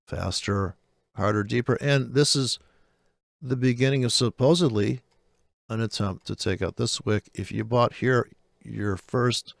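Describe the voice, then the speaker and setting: A man's voice: fairly low pitch, creaky, no echo, clean studio sound. A man giving blunt, profane, unscripted trading commentary over live charts, ranting and restless as he talks. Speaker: forex trading streamer.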